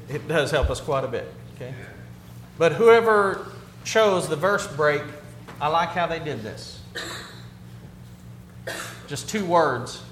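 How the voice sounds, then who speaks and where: A man with a fairly high voice preaches a sermon in a roomy, echoing space. He sinks to a hushed, quiet tone on the weighty words before building back up, and a faint hum sits behind him. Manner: drops to a hushed low voice on key words, then builds up. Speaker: pastor. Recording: roomy, echoey hall.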